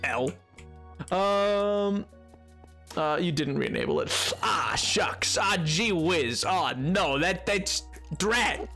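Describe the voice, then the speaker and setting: A man's voice: high voice, lively intonation, slow, sharp tone, faint music behind. A man live-streaming a game, chatting playfully and joking with his viewers. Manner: playful and joking, talks to chat. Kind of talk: casual live-stream chat while gaming.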